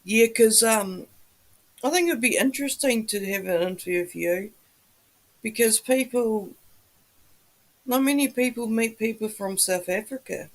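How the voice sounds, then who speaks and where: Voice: mid-range voice, measured pace, long pauses. A livestream host in a just-woken-up morning voice, chatting casually with viewers and greeting them by name.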